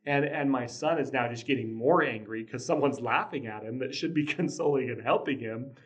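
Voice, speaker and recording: A man with a medium-pitched voice talks a little fast as he hosts a casual motivational podcast on parenting. A father himself, he tells a family story earnestly, chuckling and restarting often.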